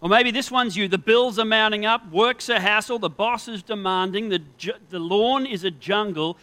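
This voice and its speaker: A pastor delivers his sermon in a bright, higher-pitched male voice. He talks to the congregation earnestly and conversationally. He builds his points through lists of everyday scenarios. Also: moderate pace.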